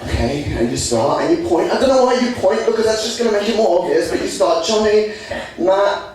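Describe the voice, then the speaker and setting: A young man from England performing a stand-up comedy routine, lively, putting on high voices for the people he quotes. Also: a little fast, a little hiss or hum. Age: young adult. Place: student comedy stage. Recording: echoey room from far off with audience laughter.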